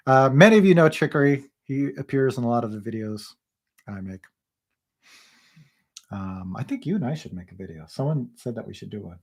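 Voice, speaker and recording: A man's voice: medium pitch, expressive, normal speed, long pauses. A man in his thirties co-hosting a casual livestream, greeting viewers and reading their comments aloud with frequent laughs. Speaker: livestream co-host.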